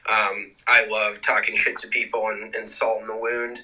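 A man's voice: fairly low pitch, flat delivery, moderate pace, pushed and bright, rough recording. A man co-hosting a podcast, chatting casually and teasing about golfers, with loose, profane banter over a remote call. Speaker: podcast co-host. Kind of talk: casual chat. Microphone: remote call mic.

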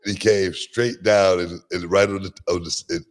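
Older guy podcast host, super deep voice, loose and animated, keeps repeating himself. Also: normal speed. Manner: animated, repeats words, drawls. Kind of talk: casual podcast chat.

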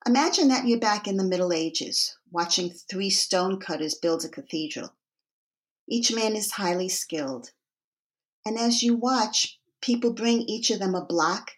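A woman leading a guided meditation and telling a parable in a slow, calm, reflective manner. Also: medium pitch.

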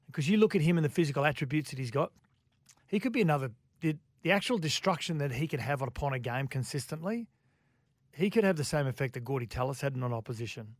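A man's voice: a little high, expressive, fast talker, dry recording. A man co-hosting sports radio, giving opinions as he thinks aloud. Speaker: radio co-host and commentator. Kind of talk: casual sports radio chat.

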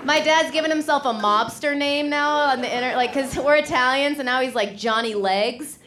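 On a comedy club stage before a live crowd, a high-voiced woman from Illinois, USA, works through her stand-up with sardonic wit and fast punchlines. The live club recording picks up audience laughter and noise.

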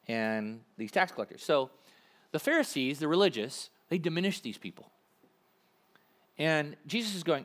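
A man preaching a sermon in a conversational, animated way, acting out little asides to the congregation. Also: fairly high pitch. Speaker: pastor.

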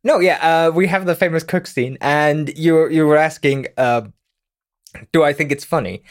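A podcast co-host talking over a tabletop game episode, halting and casual, padding thoughts with ums and uhs. The voice sits at an ordinary middle pitch and chuckles between points.

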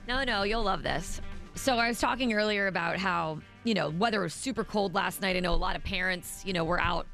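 Gravelly radio co-host woman telling stories. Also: mid-range voice, fairly quick, soft background music. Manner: animated storytelling, laughing often. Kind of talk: morning radio banter. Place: radio studio. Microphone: studio mic.

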